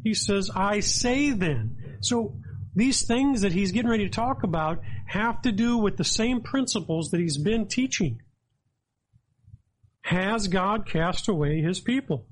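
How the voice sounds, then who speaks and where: A man with a high voice preaches a sermon. He talks with earnest emphasis and reads scripture aloud as he explains it verse by verse. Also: lively intonation, a little slow, rough recording. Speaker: pastor.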